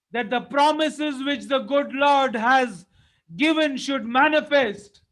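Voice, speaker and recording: A male preacher delivers his sermon in a strikingly high voice. He speaks slowly and with fervent emphasis, stacking short phrases one on top of another. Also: a bit bright, rough recording.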